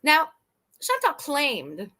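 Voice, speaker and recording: A woman's voice: high voice, wildly swooping pitch, extremely slow, pushed and bright. A woman hosting a casual live stream, chatty and laughing often, swearing freely and talking to her chat.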